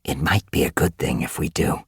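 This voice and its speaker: A man's voice: a bass voice, normal speed, vocal fry, a bit bright, husky, dry recording, studio quality, exaggerated voice. A man reading an audiobook, voicing a practical female warrior cat in a firm, no-nonsense way.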